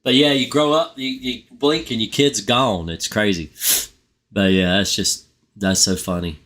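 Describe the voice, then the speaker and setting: A man's voice: fairly low pitch, steady tone, a little slow, fairly bright tone. A middle-aged man hosting a live stream, chatting casually and rambling, often laughing at his own stories. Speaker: pest control channel host.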